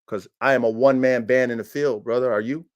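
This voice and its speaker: A man's voice: mid-range voice, fairly even intonation, quick pace. A man hosting a livestreamed dog podcast, talking in a boastful, confrontational way with emphatic slang. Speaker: podcast host and dog breeder. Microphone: streaming setup.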